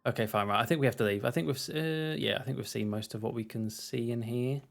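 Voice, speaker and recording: A man's voice: medium pitch, fast talker, vocal fry. Chatty man streaming a game. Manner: rambling, chatty asides. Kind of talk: casual let's-play commentary.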